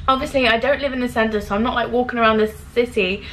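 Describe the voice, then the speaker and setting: A woman's voice: a little high, steady tone, quick pace, a little hiss or hum, poor audio. A young woman vlogging in a casual chat, effusive and full of "like" fillers. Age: young adult. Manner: chatty, full of "like" fillers, warm and effusive toward viewers.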